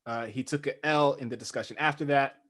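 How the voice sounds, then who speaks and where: A man's voice: mid-range voice, fairly even intonation, a little fast, a bit bright. A man co-hosting a casual reality show recap podcast, joking and acting out quotes in punchy lines. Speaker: podcast co-host.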